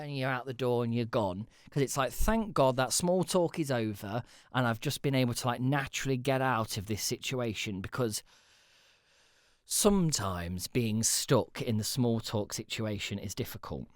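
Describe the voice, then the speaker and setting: A man's voice: medium pitch, normal speed, no echo, studio quality. A man hosting a casual solo podcast, rambling and self-deprecating, with the odd swear word. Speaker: podcast host.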